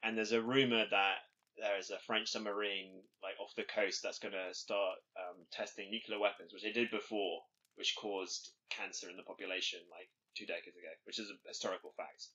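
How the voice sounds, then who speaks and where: Man, casual podcast co-host, bright tense voice, rambling, dull lo-fi sound. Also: fairly low pitch, flat delivery, brisk, a little hiss or hum. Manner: rambling, filler-heavy, laughs often. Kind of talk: casual chat.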